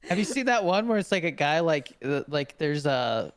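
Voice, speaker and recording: This man's voice is a little high, clear and resonant, at a normal speed, recorded cleanly in a studio with no room sound. Co-hosting a casual podcast, he laughs frequently and brings his stories to life by acting out what others said.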